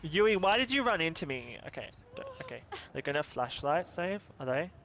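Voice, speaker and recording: A man's voice: fairly high pitch, big pitch swings, brisk, noisy background. A man commenting on his own gameplay, nervous and swearing, repeating himself and giving himself pep talks. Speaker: gaming streamer.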